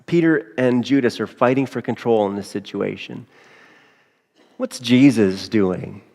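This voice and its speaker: Conversational pastor preaching in reverberant church. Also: male voice, mid-range voice, unhurried, creaky, darkish tone. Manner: conversational preaching with rhetorical asides. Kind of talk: sermon. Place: church sanctuary.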